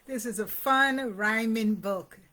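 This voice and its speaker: Slow, high-voiced woman reading to children. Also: pushed and bright. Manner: pauses to ask the young listener questions about the pictures; sing-song reading of rhymes and sound words. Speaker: children's book reader. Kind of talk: reading a picture book aloud to young children.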